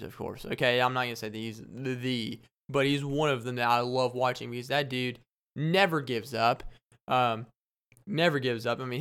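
A man's voice: mid-range voice, a bit bright, clear, resonant tone. A young man hosting a podcast, telling a story in a casual, rambling way and laughing often. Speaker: podcast host.

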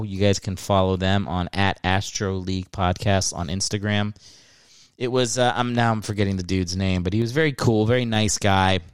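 A man's voice: fairly low pitch, clear, resonant tone, dry recording, clean studio sound. A man hosting his own podcast, rambling and joking about himself in a casual solo monologue, with some swearing. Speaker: podcast host and comedian. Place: indoors, seated on a creaky chair.

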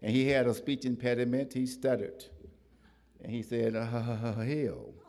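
A man's voice: mid-range voice, level tone, normal speed, darkish tone, long reverb tail. A middle-aged man preaching a sermon to a church congregation, building rhythmic repetitions and calling for responses. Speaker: pastor.

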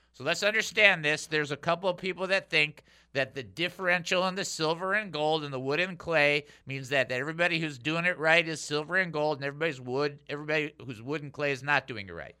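Bright, upbeat male Bible teacher. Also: on the high side, fast, few pauses, smooth. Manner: energetic, chatty, speaks straight to listeners. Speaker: radio Bible teacher and host.

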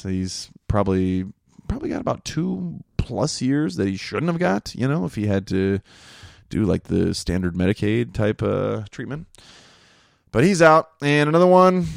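A man hosting a casual monologue, rambling and crude, joking and laughing at his own jokes, jumping high in pitch when he gets worked up. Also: creaky, dry recording, studio quality.

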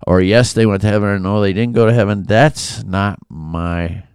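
A man's voice: lowish voice, normal speed, a little mellow, smooth, no room sound. A man giving an informal, earnest Bible commentary, talking conversationally with asides and restarts. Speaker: Bible devotional host.

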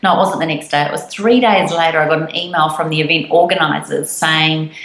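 A woman's voice: low voice, a little fast. Enthusiastic woman, echoey room. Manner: enthusiastic, animated storytelling. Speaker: podcast co-host. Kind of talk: casual chat.

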